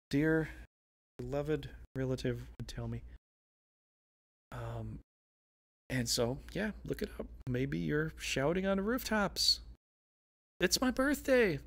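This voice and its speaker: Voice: mid-range voice, creaky. A tarot reader on their own channel, talking through a casual reading in a playful, rambling, goofy way full of tangents.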